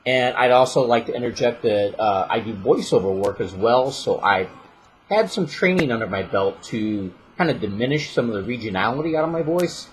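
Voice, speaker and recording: A man from the St. Louis area with a light Midwestern accent, chatting casually and reading a word list in a relaxed, self-deprecating way. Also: medium pitch, moderate pace, a little hiss or hum, rough recording. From St. Louis area, Missouri. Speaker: vlogger and voiceover artist.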